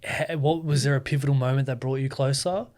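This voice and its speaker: A man hosting a podcast, asking searching questions in a halting way. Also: medium pitch, fairly even intonation, darkish tone. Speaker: podcast host. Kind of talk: interview questions.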